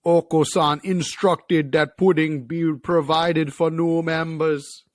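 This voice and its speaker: A man voicing a hyper, melodramatic male pigeon in a Jamaican accent, declaiming slowly in grand archaic phrases. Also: fairly high pitch, little pitch movement, no room sound. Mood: vengeful grandeur.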